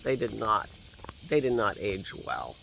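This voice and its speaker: A gravelly, fairly low male voice with big pitch swings drifts along unhurriedly as he rambles and laughs to himself in a casual vlog. He's outdoors in his garden filming on a phone at arm's length, has a slight lingering cough, and the background is noisy.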